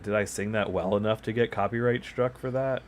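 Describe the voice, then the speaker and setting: Chatting loosely while gaming at his home desk, this man speaks on the low side with fairly even intonation and a brisk pace, over a slight hiss or hum. He wanders from topic to topic, laughs at himself a lot, and talks into a microphone set next to him.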